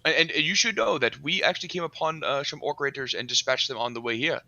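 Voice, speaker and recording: Tabletop player, very bright tense voice, theatrical and courtly, dull dry recording. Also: male voice, on the high side, quick pace, creaky, no echo. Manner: courtly, theatrical in-character talk. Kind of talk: playing a character in a tabletop game.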